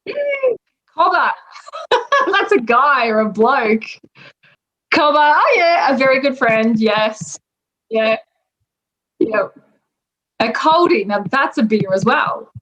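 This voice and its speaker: An Australian woman explaining local slang in a relaxed, chatty way, pausing with ums as she goes. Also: a little high. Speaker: native speaker explaining slang. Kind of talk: casual explanation.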